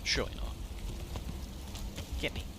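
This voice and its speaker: On a live game stream, a man chats casually at an unhurried pace, rambling, poking fun at himself, swearing freely, and occasionally muttering under his breath. Heavy background noise runs throughout.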